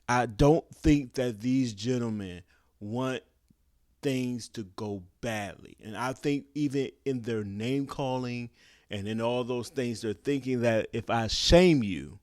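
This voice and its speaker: A man's voice: medium pitch, animated, takes it slowly, a little mellow, no room sound. Passionate preachy man, dry sound. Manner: passionate, preachy, keeps asking "guess what?". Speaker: commentary vlogger. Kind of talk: opinion commentary to camera.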